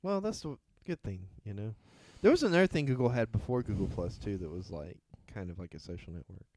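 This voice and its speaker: A man's voice: on the low side, lively intonation, fairly quick, a little mellow, a little hiss or hum. A man co-hosting a podcast in casual chat, easygoing and thinking aloud. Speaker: podcast co-host.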